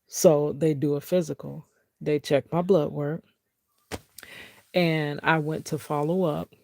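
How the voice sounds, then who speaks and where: A woman vlogger telling a personal health testimony in an animated way, acting out what people said and talking straight to her viewers. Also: low-pitched, gravelly, no echo, clean studio sound. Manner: animated, acts out quotes, talks straight to viewers.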